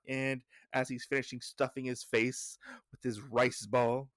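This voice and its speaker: A man's voice: mid-range voice, level tone, measured pace, a bit bright, dry recording, clean studio sound. A man hosting a podcast, casually recapping a comic issue with lots of fillers and side thoughts. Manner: rambling, filler-heavy, digressive. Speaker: podcast host.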